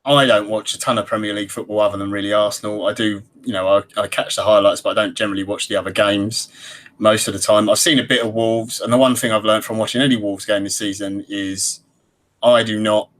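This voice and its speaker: Low-voiced man hosting a podcast. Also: flat delivery, a bit bright. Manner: measured, with frequent ums. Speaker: podcast host. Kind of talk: casual podcast chat.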